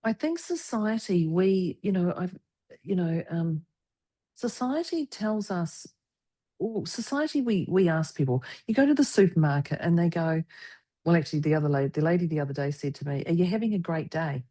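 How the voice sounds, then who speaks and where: A woman talking in a relaxed, friendly podcast chat. Her voice sits a little low and sounds mellow and warm. She is animated and slips into other people's voices as she tells stories. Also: moderate pace. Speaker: podcast co-host. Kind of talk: casual conversational chat.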